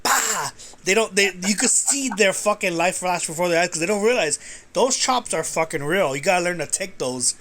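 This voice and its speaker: A man's voice: sits high, lively intonation, a little fast, a bit bright. A man hosting a casual podcast chat, reacting eagerly and swearing freely. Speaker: podcast host.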